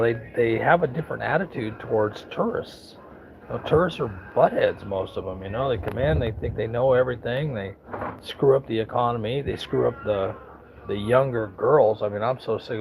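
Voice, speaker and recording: Gravelly American man, blunt and folksy. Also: mid-range voice, poor audio. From United States. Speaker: vlogger. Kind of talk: casual storytelling monologue.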